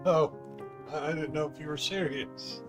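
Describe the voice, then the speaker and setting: A man, the host's partner, chiming in from off camera with casual, teasing, low-key remarks. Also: measured pace, faint music behind. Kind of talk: casual banter.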